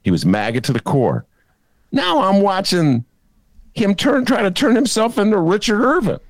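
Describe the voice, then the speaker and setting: A man hosting a political talk show, animated and laughing, often mocking others in put-on voices. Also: high voice, normal speed, no room sound. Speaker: podcast host. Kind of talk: casual political commentary.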